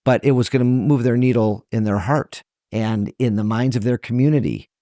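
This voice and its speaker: A man's voice: medium pitch, normal speed, dark tone, no room sound, studio quality. A middle-aged man, a trial lawyer, talking earnestly and emotionally as a podcast guest, often restarting his sentences. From Michigan, USA. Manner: earnest, emotional, many restarts and self-corrections. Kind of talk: conversational interview.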